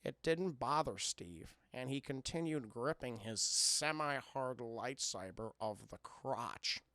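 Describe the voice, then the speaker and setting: Man putting on a mumbly old director voice, low and flat, dry close sound. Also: takes it slowly, no room sound, heavily acted. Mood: mock solemn. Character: impression of a famous older male film director reading a story aloud.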